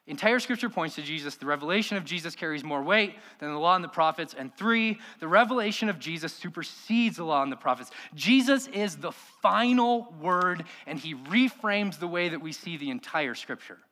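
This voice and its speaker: Bright, high-voiced man preaching. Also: animated, a little fast, few pauses. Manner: emphatic preaching with rhetorical questions to the congregation. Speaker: pastor. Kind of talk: sermon.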